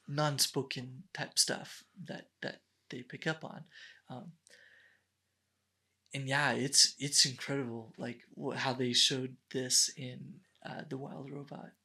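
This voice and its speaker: A man co-hosting a casual podcast chat, often agreeing with quick affirmations. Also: mid-range voice, sharp tone. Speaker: podcast co-host.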